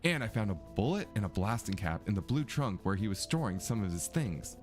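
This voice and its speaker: A man's voice: on the low side, big pitch swings, a little fast, soft background music. A man voicing an earnest young woman amateur detective in a mystery game, reading her dialogue steadily in his own voice.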